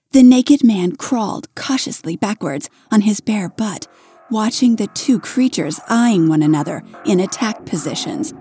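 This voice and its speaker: Slow, mellow woman storyteller. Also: medium pitch, husky, no echo, clean studio sound. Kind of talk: erotic story narration.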